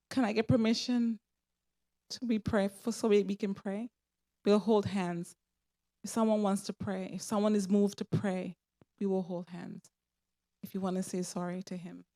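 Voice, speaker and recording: A woman leading prayer in church, preaching in a slow, deliberate way. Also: mid-range voice, steady tone, dark tone. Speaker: prayer leader. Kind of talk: sermon.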